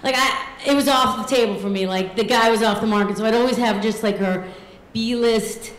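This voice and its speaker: A woman in her thirties tells a comic true story to a live audience, and her voice sits high. She pokes fun at herself and acts out the other people in the story. The recording carries the echo of the venue. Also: moderate pace. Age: 30s. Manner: comic, self-deprecating, acts out quoted voices.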